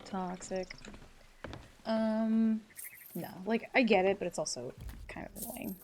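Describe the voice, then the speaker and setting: While playing a game live, a woman chats casually with her chat, swearing and laughing easily over a faint background hum. Her middle-pitched voice is darkish with vocal fry, fairly even in intonation, and slow-paced.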